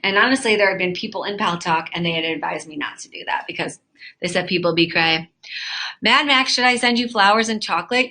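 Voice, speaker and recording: Chatty bright-voiced woman streamer. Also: medium pitch, brisk. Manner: chatty, flirty, easily flustered. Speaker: webcam chat room host. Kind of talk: casual live-stream chat, reading out viewer messages. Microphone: phone or webcam mic.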